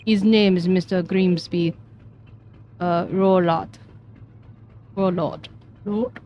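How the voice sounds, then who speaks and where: A woman's voice: lowish voice, fairly even intonation, slow, highs cut off, slight background noise. A woman puts on a blunt, surly sailor from a video game, speaking in a heavy Russian accent. He answers in stiff, broken English and shuts down questions curtly. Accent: put-on Russian. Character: gruff male Russian ship's sailor guard.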